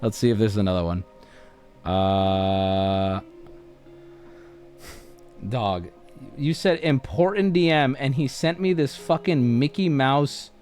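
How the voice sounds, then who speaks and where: An American man chatting on a live stream in a loose, rambling way, drifting between topics and circling back on himself. His pitch sits at an ordinary middle range, and faint music plays behind him. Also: slow, pauses often, a little mellow. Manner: rambling, laid-back, often restarts and laughs mid-sentence. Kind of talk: casual stream chat.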